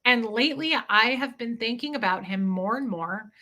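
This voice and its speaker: Bright-voiced woman, candid and emotional. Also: fairly high pitch, expressive, normal speed. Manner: emotional, confessional, swears freely. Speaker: livestream host. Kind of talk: candid livestream chat.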